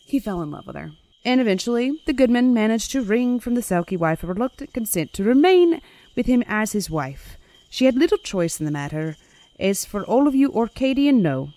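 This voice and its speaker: A woman's voice: medium pitch, a little mellow, dry recording, rough recording. A woman hosting a podcast, retelling a folktale with wry, irreverent asides. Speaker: podcast host. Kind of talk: comedic folklore storytelling.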